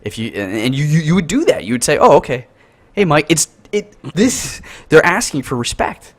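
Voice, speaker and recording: A man's voice: on the high side, huge pitch swings, normal speed. A man co-hosting a casual podcast over a call, talking earnestly in rambling runs with many restarts. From North America. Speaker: podcast co-host. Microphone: call recording.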